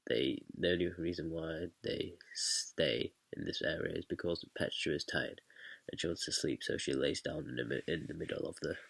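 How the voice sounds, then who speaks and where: A man's voice: a bass voice, vocal fry, a bit bright, breathy edge, dry recording. A young man casually explaining how he directed a stage scene, hesitant, with many fillers and restarts. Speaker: student director.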